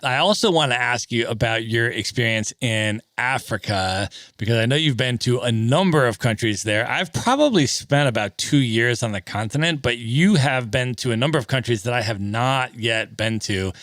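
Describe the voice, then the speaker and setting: A man's voice: medium pitch, normal speed, few pauses, a bit bright, dry recording, studio quality. A man hosting a travel podcast, enthusiastic and agreeable, asking long friendly questions. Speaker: podcast host. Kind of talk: casual interview.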